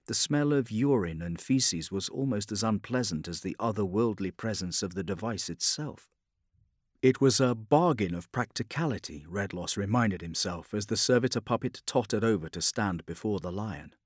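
A man narrating a science fiction audiobook in a measured, grave storytelling manner. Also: on the low side, expressive, no echo, studio quality. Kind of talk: scripted dramatic narration.

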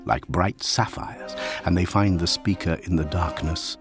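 A male narrator with a deep, low voice reads a grim science-fiction tale in a hushed, dramatic manner, sometimes sinking almost to a whisper. Clear music plays behind him throughout. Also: a little slow. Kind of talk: scripted audiobook narration.

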